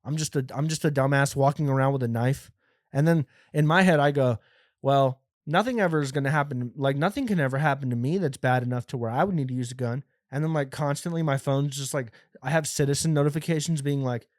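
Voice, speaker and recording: A young American man hosting a comedy podcast, rambling through a profane, animated monologue full of restarts. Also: medium pitch, fast talker, no room sound, studio quality. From United States. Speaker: podcast host.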